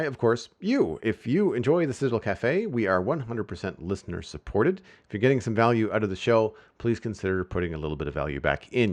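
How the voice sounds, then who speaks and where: Lively low-voiced male podcast host. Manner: animated, chatty, quick to laugh. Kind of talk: casual podcast chat.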